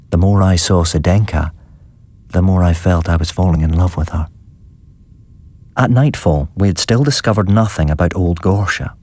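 A man reads a first-person horror story aloud, measured and suspenseful. His voice is very deep and husky. The recording is dry and close, with no room sound. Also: a little mellow, dry recording. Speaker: narrator. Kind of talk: storybook reading.

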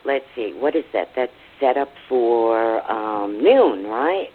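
A man's voice: mid-range voice, expressive, takes it slowly. A male caller on a radio show, chatting in a teasing, jokey way over the phone. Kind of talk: casual phone-in chat. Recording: tinny phone line with hiss.

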